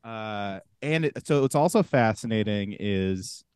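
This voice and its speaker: A man's voice: fairly low pitch, animated, measured pace, a little mellow, clean tone, no room sound. Opinionated young man, dry sound. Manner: opinionated, scornful, many "like" fillers. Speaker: podcast co-host. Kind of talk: casual podcast chat.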